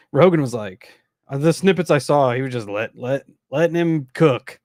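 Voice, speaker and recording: Male podcast co-host, mid-pitched, gravelly, easygoing and meandering. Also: a little slow, darkish tone, dry recording, clean studio sound. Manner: rambling, laid-back, trailing off often. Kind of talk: casual chat.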